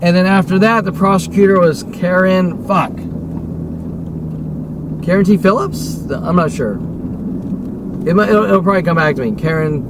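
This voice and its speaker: A man's voice: sits high, measured pace, pauses often. A man delivering an agitated, profane, rambling rant as a vlogger, repeating himself and swearing often. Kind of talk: unscripted rant to camera. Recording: noisy recording with vehicle sounds.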